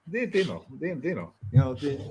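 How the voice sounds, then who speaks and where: A man in a casual group video chat, teasing the others with loud, rambling, playful bluster. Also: on the high side, very animated, brisk. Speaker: community hangout regular.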